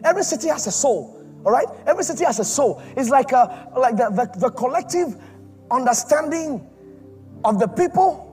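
Male preacher, high voice, fervent and repetitive, soft music underneath. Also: very animated, moderate pace. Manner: impassioned, repetitive, swings from loud to hushed. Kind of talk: sermon.

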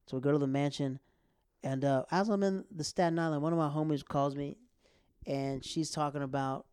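A young man, a stand-up comic telling stories in a casual chat, animated, laughing often and acting out what people said. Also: a little high, clean tone, no echo, clean studio sound. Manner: animated, quick bursts, laughs often, acts out quotes. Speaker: stand-up comic and podcast host.

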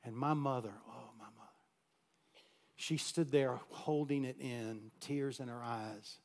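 A man, a pastor, telling a personal story in a sermon, animated and swinging from loud to hushed. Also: medium pitch, unhurried, vocal fry.

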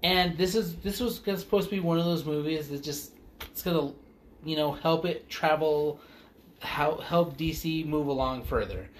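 A man's voice: on the high side, normal speed, a little hiss or hum. A man co-hosting a casual podcast, ranting heatedly and swearing often. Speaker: podcast co-host.

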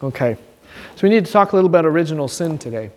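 A man's voice: a little high, very fast. Earnest man teaching in an echoing hall. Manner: earnest, animated, with vivid quotes and restarts. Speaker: pastor teaching a class. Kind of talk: informal Bible class teaching.

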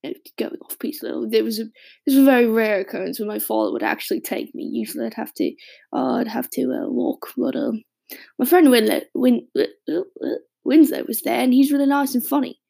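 A woman voicing an adult British man, a longtime smoker with a raspy voice, who reads his childhood diary in a hesitant, rambling audio drama monologue. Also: fairly high pitch, fairly quick, mellow. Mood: wistful, rambling. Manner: hesitant, rambling, many restarts.

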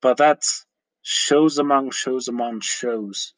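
A man hosts a casual solo podcast, rambling into a phone mic, swearing freely and laughing often. His medium-pitched voice is a bit bright and moves at a measured pace. The phone recording is rough and dry, with no echo.

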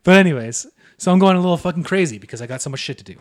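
Young man, podcast co-host, profane, rambling, laughs a lot, slightly high voice. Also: expressive, rapid-fire. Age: young adult. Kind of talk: casual podcast chat.

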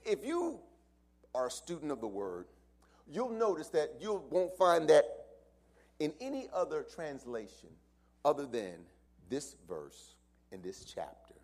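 A male preacher mid-sermon, with a lively, wide-ranging pitch that leaps and falls. He moves from soaring declarations down to hushed, quiet phrases. He calls out to his congregation and asks them to respond. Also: measured pace, long pauses. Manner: dramatic swings from loud cries to near-whispers.

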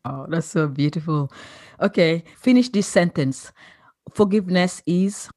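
A woman's voice: lowish voice, measured pace, warm tone. A woman hosting a podcast interview, effusive and encouraging, full of praise for her guest. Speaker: podcast host.

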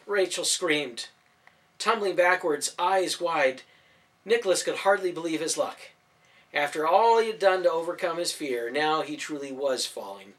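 A man narrating a storybook in expressive audiobook style. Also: fairly high pitch, measured pace. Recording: voice from a distance off mic.

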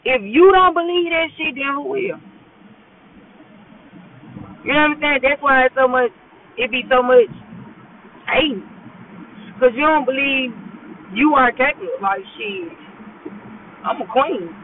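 A woman's voice: sits high, unhurried, pauses often. A woman gives a casual, blunt and profane pep talk while driving. She keeps repeating "you know what I'm saying" as she talks. The sound is thin and tinny, like a phone voice message. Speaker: podcast host. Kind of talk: casual motivational monologue.

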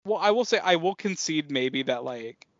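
A man co-hosting a casual film podcast, excitable, swearing often and trailing off mid-sentence. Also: a little high, moderate pace, dry recording. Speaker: podcast co-host. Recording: dull lo-fi podcast audio.

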